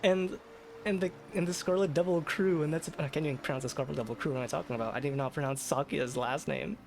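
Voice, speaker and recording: A man's voice: a little high, quick pace, vocal fry, a little mellow, soft background music. A man streaming late at night, chatting casually in a rambling, self-deprecating way with lots of fillers and restarts. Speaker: VTuber streamer. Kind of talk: casual live-stream chat.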